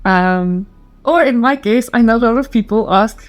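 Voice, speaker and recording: A South African woman telling stories to camera in a chatty, animated way, laughing easily. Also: a little high, normal speed. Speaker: storyteller and channel host. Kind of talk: casual storytelling to camera.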